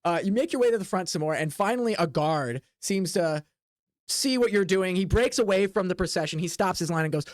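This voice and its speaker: A young man serves as game master for a tabletop session, narrating the scene in a loose, chatty manner. His voice sits fairly high for a man, and it is recorded dry and close with no room echo. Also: expressive, fairly quick. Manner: loose and chatty, with frequent restarts.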